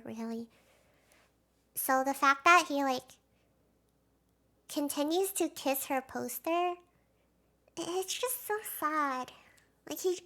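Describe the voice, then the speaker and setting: A young woman doing casual video commentary as a fan, rambling and emotional, swinging between hushed talk and excited outbursts. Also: high voice. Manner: rambling, with fillers and restarts.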